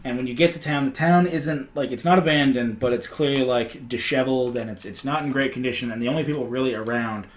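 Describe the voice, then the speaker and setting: A man's voice: mid-range voice, fast, hardly any pauses. A man acting as game master, walking his friends back through a session in a loose, rambling way. He circles back and restarts often as he describes each scene. An echoey room and a faint hiss sit behind him. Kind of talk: casual recap narration. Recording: roomy echo with faint noise.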